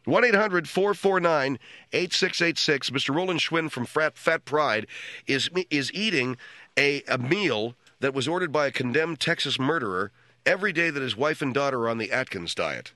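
A man hosting a radio call-in show, quick, theatrical and amused, on a studio microphone. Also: medium pitch, animated, pushed and bright, no echo. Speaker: radio talk show host.

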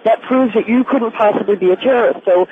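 A man voicing a patient woman caller to a radio show who explains her point calmly. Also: sits high, fast talker, pitched above the performer's own voice, close to an everyday voice. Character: calm, reasoning woman caller, middle-aged. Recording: tinny phone line.

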